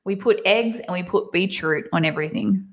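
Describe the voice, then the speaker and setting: A young woman with a thick Australian accent, chatting casually as an interview guest over a video call from home. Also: lowish voice. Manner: chatty, animated storytelling with quick laughs.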